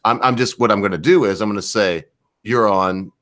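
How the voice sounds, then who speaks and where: A man co-hosting a casual chat show, ranting loudly and swearing freely. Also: fairly low pitch, fast. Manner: profane, ranting. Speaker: podcast co-host.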